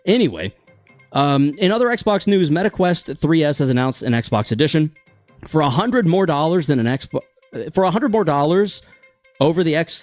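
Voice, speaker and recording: A man's voice: on the high side, animated, normal speed, dry recording, faint music behind. A man hosting a casual gaming chat show, rambling and opinionated, stumbling over words now and then.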